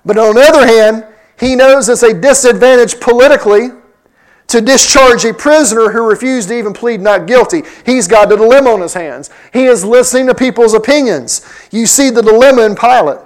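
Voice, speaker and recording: High-voiced man preaching a sermon. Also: a little fast, rough recording. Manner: explains scripture verse by verse, acting out quoted lines. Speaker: pastor. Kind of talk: sermon teaching.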